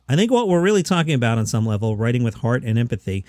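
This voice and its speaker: A man hosting a comedy news podcast with a lively, swooping delivery. He talks quickly and mocks himself, in a mid-pitched voice with a dry, close sound. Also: no echo. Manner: quick, chatty and self-mocking. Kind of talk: casual comedy news commentary.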